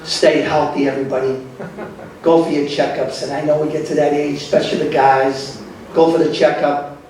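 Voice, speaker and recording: Middle-aged comedian, roomy club sound. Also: male voice, fairly high pitch, level tone, a little fast, darkish tone, slight background noise. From Italian-American. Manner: exaggerated storytelling, acts out his own voice in quotes. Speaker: stand-up comedian. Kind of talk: stand-up comedy set. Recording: echoey club recording from far off. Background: audience laughter.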